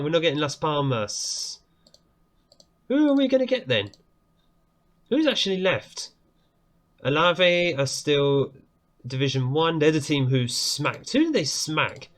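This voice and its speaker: An excitable man commentates on a football management game in a loose, chatty way, quick to exclaim and laugh at what he sees. His voice sits at an ordinary middle pitch. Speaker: gaming YouTuber.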